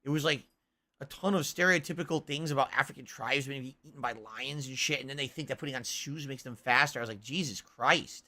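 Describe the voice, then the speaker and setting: A man's voice: mid-range voice, fast, pushed and bright. A man hosting a stream, ranting in casual chat with an incredulous tone. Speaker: streamer host.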